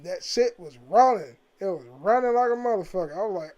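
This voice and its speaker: A man's voice: high voice, animated, normal speed, hardly any pauses, dark tone. Brief: man, home gaming vlog, loose and profane, rambling, laughs a lot. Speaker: gaming vlogger. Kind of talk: casual rambling monologue.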